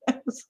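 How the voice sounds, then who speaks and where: A woman hosting a casual chat, rambling and giggling between puns and jokes.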